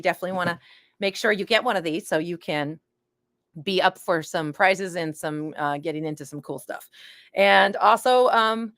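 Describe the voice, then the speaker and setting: A woman's voice: on the low side, dry recording. Brief: woman event host, bubbly and effusive, dry close-mic recording. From Boston area. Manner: bubbly, excitable, laughs often. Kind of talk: live-stream event hosting.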